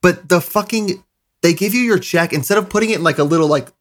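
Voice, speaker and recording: A man's voice: high voice, fast, fairly bright tone. A man co-hosting a podcast, telling a profane, rambling anecdote in casual chat. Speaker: podcast co-host.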